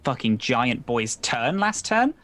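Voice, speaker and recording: A man's voice: medium pitch, big pitch swings, slow pace, a crowd in the background. A man narrating a tabletop game as game master, casual and swearing, with many ums.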